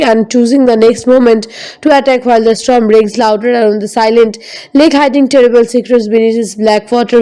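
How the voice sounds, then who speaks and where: Higher-pitched woman narrating with a mellow tone. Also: low-quality recording. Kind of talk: scripted film recap narration.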